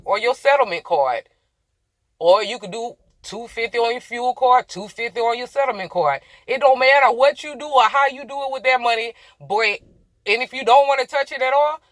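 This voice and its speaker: A woman's voice: a little high, a bit bright, dry recording. A young woman truck driver chatting casually to her viewers from inside her truck cab, rambling, laughing at herself and apologizing for going off track. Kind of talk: casual chatty explainer vlog.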